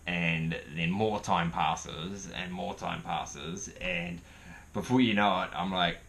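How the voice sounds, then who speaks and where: Low-voiced New man telling a story. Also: takes it slowly, creaky, a little hiss or hum. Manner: rambling, profane, animated. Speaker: vlogger. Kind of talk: casual storytelling.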